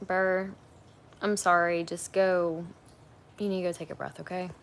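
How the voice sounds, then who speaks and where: Young woman, livestream host, low gravelly voice, chatty, candid, rambling. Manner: chatty, frank, rambling with fillers. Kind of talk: casual livestream chat. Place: at home on a couch.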